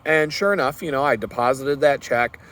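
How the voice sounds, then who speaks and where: A man's voice: medium pitch, fairly quick, a bit bright. A man vlogging a personal story in an earnest, rambling way, with fillers and restarts.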